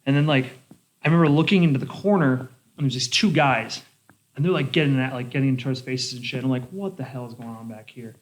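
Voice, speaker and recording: A young adult man telling a bar story in casual chat, animated and swearing a lot, with lots of "like". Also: medium pitch, quick pace. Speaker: bartender podcast host.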